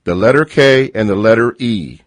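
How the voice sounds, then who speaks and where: A man hosting a call-in radio show, reading out listener emails slowly with many fillers. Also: lowish voice, dry recording. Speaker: radio host.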